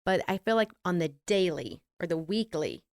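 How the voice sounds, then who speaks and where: A woman's voice: on the low side, expressive, normal speed, no echo, clean studio sound. A middle-aged woman with a rural American accent, co-hosting a podcast in casual, reflective chat that rambles and breaks into laughs. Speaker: podcast co-host.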